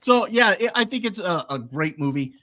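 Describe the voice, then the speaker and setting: A man co-hosting a podcast in casual chat, animated and laughing often as he retells movie scenes. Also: sits high, moderate pace. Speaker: podcast co-host.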